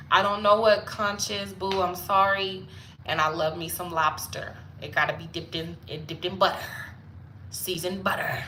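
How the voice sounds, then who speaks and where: Chatty woman, bright echoey sound. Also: lowish voice, steady tone, normal speed, slight background noise. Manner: chatty, playful, answers viewers' comments. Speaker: live streamer chatting with viewers. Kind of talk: casual live-stream chat.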